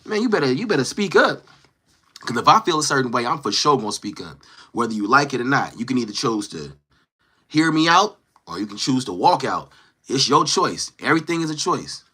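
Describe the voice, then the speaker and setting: A man hosting a casual livestream, talking to his chat in a slangy, animated way and acting out quoted lines. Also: medium pitch, fairly quick, slightly rough. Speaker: livestream host. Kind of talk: casual livestream chat, reading viewer comments.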